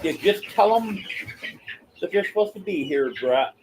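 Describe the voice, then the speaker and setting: A man hosts a relaxed live stream from his homestead, his voice a little high and going hoarse. He talks in a folksy, storytelling way and answers his viewers. Faint outdoor noise and birdsong sit behind him. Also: unhurried, rough recording. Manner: folksy storytelling, replies to chat. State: voice giving out, hoarse. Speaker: livestream host. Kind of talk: casual live-stream chat.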